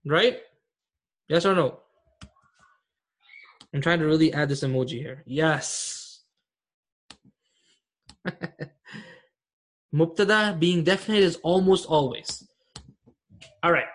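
A man teaching an Arabic grammar class online, patient, repeating terms and checking that students follow. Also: fairly high pitch.

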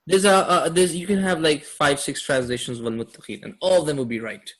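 A man with a fairly high voice teaches a class on Quranic Arabic. He keeps quizzing his students and laughs often as he goes. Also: brisk. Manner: asks students questions, upbeat with laughs. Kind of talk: classroom lesson.

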